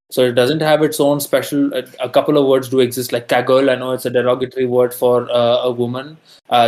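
A man's voice: medium pitch, rough recording. Indian man, casual interview guest. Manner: thoughtful, with frequent fillers and self-corrections. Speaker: podcast guest. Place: lives in France.

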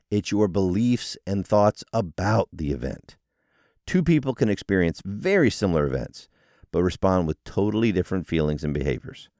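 A low-pitched man talking with a very lively, up-and-down delivery, like a coach explaining an idea to listeners. The sound is dry and close, with no room around it. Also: dry recording. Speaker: podcast host. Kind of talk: solo motivational talk.

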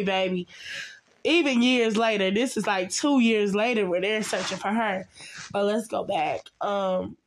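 A woman's voice: medium pitch, slight background noise. A young adult woman giving a casual, chatty TV recap, talking straight to her viewers in a gossipy way. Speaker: vlogger.

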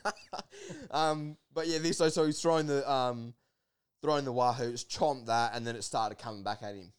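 A man telling a long story in casual chat, animated, laughing often and full of fillers. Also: medium pitch, normal speed, clear, resonant tone. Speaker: podcast guest.

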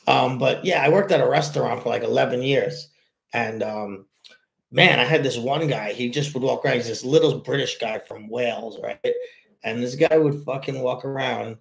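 A man hosting a casual podcast, telling stories in a rambling, animated way with many fillers and restarts. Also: mid-range voice, moderate pace, gravelly. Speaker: podcast host. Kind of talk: casual solo podcast chat.

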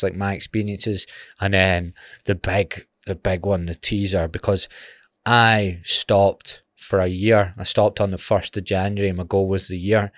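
A young Glaswegian man hosts a solo podcast, chatting in a rambling, jokey style full of swearing. His voice sits lowish, and the audio is studio quality with no echo.

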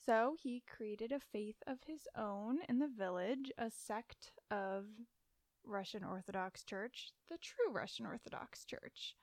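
A chatty woman with a slightly high voice tells a story to her co-host in relaxed podcast talk. She giggles often and trips over hard names. The sound is dry and close. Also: unhurried, no room sound. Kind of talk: casual storytelling chat.

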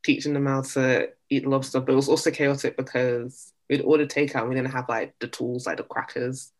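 A young adult student studying abroad in casual chat, bubbly and enthusiastic with quick laughs. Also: mid-range voice, level tone.

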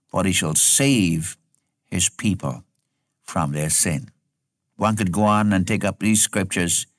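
A man delivers a sermon in an earnest, unhurried way, repeating key phrases and dropping low as he quotes scripture. His voice sits on the lower side and the recording is dry and close. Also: fairly bright tone, no echo. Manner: earnest, repetitive, quotes scripture slowly for emphasis. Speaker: preacher.

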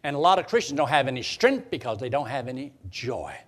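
A man's voice: mid-range voice, sing-song, fast talker. A man preaching a sermon, quoting scripture in old-style wording and repeating phrases for emphasis.

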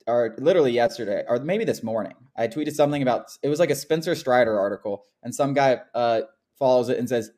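A man's voice: medium pitch, a little fast. Ranting young man talking sports. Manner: animated ranting, frequent "like" and "dude". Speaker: podcast co-host. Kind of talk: casual sports talk.

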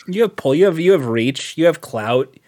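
A man's voice: on the high side, lively intonation, normal speed, a little mellow. A man hosting a casual comedy podcast, putting questions to his co-hosts in a mock-formal way. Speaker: podcast host.

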